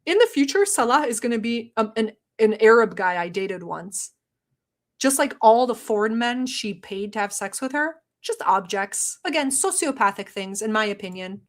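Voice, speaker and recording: Higher-voiced sarcastic woman vlogger. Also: expressive, normal speed. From Middle East. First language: not English. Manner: blunt, sarcastic, profane. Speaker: commentary vlogger. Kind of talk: reaction commentary.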